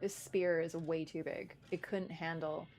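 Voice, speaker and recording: A young woman streaming a horror game live, chatting excitably, joking and swearing at the game. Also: low voice, measured pace, slight background noise. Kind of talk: live let's-play chat.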